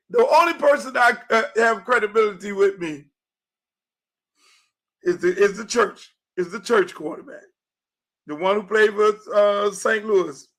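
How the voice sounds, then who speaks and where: A high-pitched, bright-toned man from Miami hosts an unfiltered sports podcast. He rants with fired-up, profane energy. He often bursts into shouted, acted-out quotes. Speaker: podcast host. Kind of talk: unfiltered sports commentary monologue.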